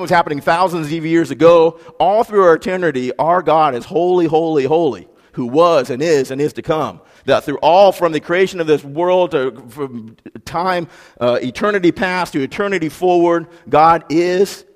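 A man preaching a sermon in a relaxed, conversational way, with fillers and emphatic repetition. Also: fairly high pitch. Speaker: pastor. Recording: long hall reverb.

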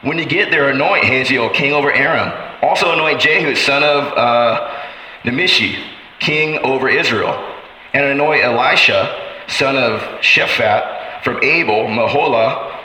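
A man's voice: unhurried, bright, forceful tone, slight background noise. A man preaching a sermon, speaking with passion and voicing God's questions to his listeners. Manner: impassioned, voicing God's questions with rising pitch. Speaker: pastor. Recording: echoey hall with faint ambience.

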